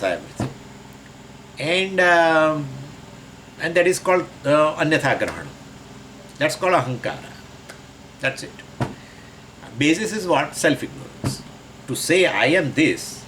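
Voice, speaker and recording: A man's voice: on the high side, fairly bright tone, slight background noise, poor audio. A man teaching a lecture on Sanskrit scripture. He explains the terms in English and asks and answers his own questions.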